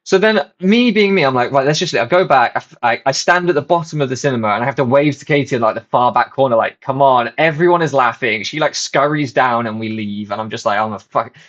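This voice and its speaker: A man's voice: medium pitch, fast, hardly any pauses, fairly bright tone. Give me a man telling a casual, sweary, self-mocking story through a slightly dull recording. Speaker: channel host.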